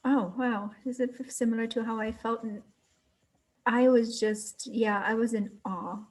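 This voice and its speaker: A woman speaking in a soft, reflective tone as she shares her own experience in a conversation. She gropes for words at times and laughs lightly at her own attempts to explain. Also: fairly high pitch, fairly even intonation, unhurried, low-quality recording. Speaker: participant in a storytelling circle. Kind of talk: casual spoken reflection.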